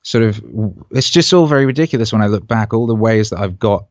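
Man from Wales, low voice, dry close sound, lively storytelling, interview guest. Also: quick pace, no room sound, highs cut off. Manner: animated anecdotes with quoted voices. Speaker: musician guest.

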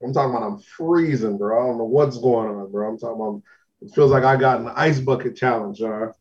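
A man's voice: mid-range voice, fairly quick, darkish tone. Laid-back man telling a story, lo-fi sound. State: recovering from illness, lingering symptoms. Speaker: podcast co-host. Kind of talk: casual podcast chat.

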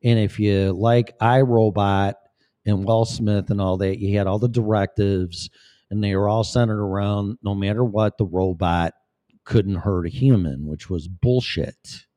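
A man's voice: on the low side, fairly even intonation, measured pace, dark tone. A man giving profane, rambling, blunt commentary as a vlogger. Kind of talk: casual commentary.

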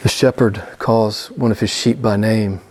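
A man's voice: lowish voice, fairly even intonation, a little slow, darkish tone, a little hiss or hum. A man preaching a sermon to a small group, emphatic, repeating his key phrases and asking rhetorical questions. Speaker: pastor.

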